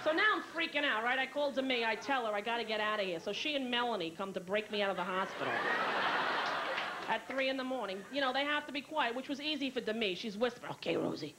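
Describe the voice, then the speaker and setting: A woman's voice: fairly high pitch, fast talker, very noisy. A woman doing stand-up comedy on a theater stage, telling stories in a brash way and putting on voices for the people in them. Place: theater stage before a live audience. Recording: 1990s televised special with clear room ambience.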